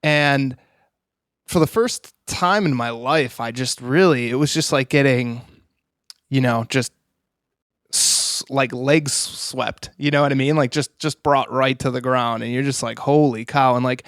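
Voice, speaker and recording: A man's voice: medium pitch, unhurried, fairly bright tone, no room sound, clean studio sound. A man, an interview guest, telling a personal story in an earnest, rambling way with many "you know"s.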